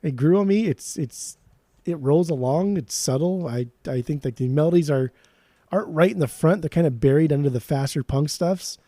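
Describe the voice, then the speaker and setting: A man co-hosting a podcast in loose, casual chat, blunt and jokey with lots of cursing. His voice is slightly higher than average but mellow and dark in tone. The sound is dry and close, with no room around it. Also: normal speed, no room sound. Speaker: podcast co-host.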